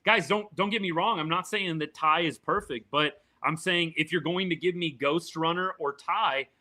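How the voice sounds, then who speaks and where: A man hosting a live baseball reaction show, giving his opinions and answering viewer comments in a casual, animated way. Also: a little high, normal speed. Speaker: sports podcast host. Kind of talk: live game reaction chat.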